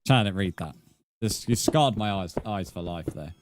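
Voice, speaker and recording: A man's voice: low-pitched, lively intonation, normal speed, background noise. A young man streaming a game, bantering and joking with his chat and laughing often. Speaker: gaming streamer. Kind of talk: live-stream chat while playing.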